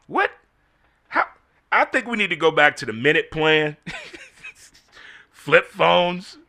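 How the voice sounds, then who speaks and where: Bright and forceful, this host's slightly high voice carries his casual solo commentary. He's a middle-aged man who keeps firing off rhetorical questions in disbelief.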